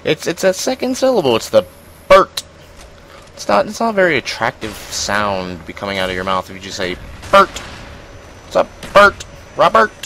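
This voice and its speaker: Rambling young man, low voice. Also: expressive, fast talker, few pauses, a bit bright, slight background noise, rough recording. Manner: rambling, self-deprecating, many fillers and restarts. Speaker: gaming commentator. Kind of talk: casual gameplay commentary.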